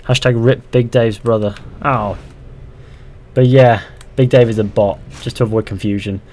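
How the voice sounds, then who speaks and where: A young gaming streamer chats casually while he plays, reading viewer comments aloud and answering with dry sarcasm. His mid-range voice is slightly mellow, with fairly even intonation and a moderate pace.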